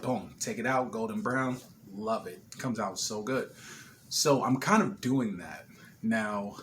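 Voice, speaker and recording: A man vlogging at home, retelling a kitchen fire in an animated, swearing, laughing way, still shaken. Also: mid-range voice, a little hiss or hum. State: shaken after a scare. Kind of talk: casual storytelling vlog. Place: apartment kitchen, smoky.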